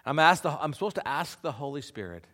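A man's voice: a little high, sing-song, quick pace, a bit bright. A man preaching a sermon as pastor, earnest and conversational, often checking in with his listeners.

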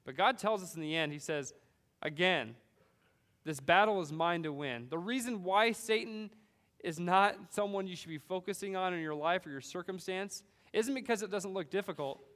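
A man from California preaching a sermon, animated storytelling with frequent "right?" asides. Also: high-pitched, in a large hall. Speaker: pastor.

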